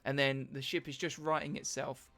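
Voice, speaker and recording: A man narrating as dungeon master in an animated, laughing way, often searching for words. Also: mid-range voice, moderate pace, gravelly, soft background music. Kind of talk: narrating a tabletop game.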